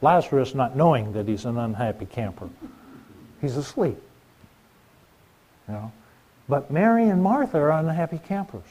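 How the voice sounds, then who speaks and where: Mellow-voiced man preaching a sermon. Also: medium pitch, sing-song, moderate pace, pauses often. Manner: conversational, rhetorical questions to the congregation.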